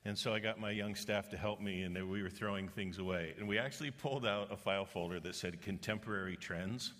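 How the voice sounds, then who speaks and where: A man's voice: fairly low pitch, fast, a bit bright. A middle-aged man giving a sermon as a pastor, telling stories earnestly and acting out the people in them. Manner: storytelling with quoted voices, earnest. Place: church auditorium. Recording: long reverb of a large hall.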